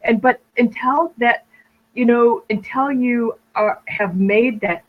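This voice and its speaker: Woman podcast host, fairly high voice, affirming tone, dull lo-fi remote sound. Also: slow pace. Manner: encouraging, affirming with "right?" and "you know". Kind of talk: casual podcast chat.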